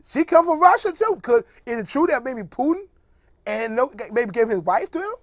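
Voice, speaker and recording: A man's voice: very high-pitched, sing-song, moderate pace, no echo. A man hosting a casual comedic monologue, joking and mocking as he rambles, laughing often. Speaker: host.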